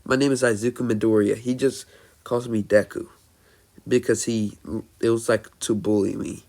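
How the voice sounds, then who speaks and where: A man's voice: mid-range voice, flat delivery, moderate pace, darkish tone, close to an everyday voice. A man voicing an earnest, timid teenage boy hero student in a fan-made story, in a plain, earnest tone.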